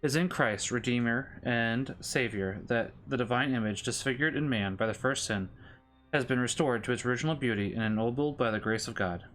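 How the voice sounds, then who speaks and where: A man in casual stream commentary, thinking aloud in a relaxed way at a medium pitch. Now and then he reads passages aloud plainly. A faint hiss sits under his voice. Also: brisk. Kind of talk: casual gameplay commentary and prayer reading.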